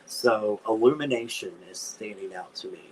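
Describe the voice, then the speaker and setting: A man's voice: on the low side, normal speed, a little hiss or hum. A man hosting a live-stream tarot reading, chatty and given to dramatic squeals of disgust. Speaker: tarot reader, channel host.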